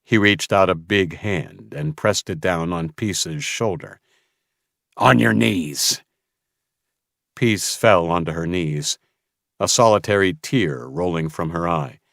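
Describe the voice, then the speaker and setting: Male audiobook narrator, very low voice, dry close sound, dramatic, tense telling. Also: measured pace, a bit bright, no room sound. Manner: tense storytelling.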